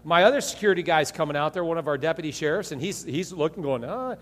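A man's voice: on the high side, fast, in a large hall. A man preaching a sermon as pastor, telling stories and acting out the people in them. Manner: animated storytelling, acting out voices.

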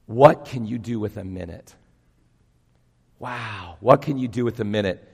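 A man in his fifties preaching a sermon, telling stories with acted-out voices and swinging between loud bursts and hushed lines. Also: on the low side, unhurried, gravelly, slightly rough. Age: 50s. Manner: animated storytelling, acting out voices, big swings from loud to hushed. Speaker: pastor. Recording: long hall reverb.

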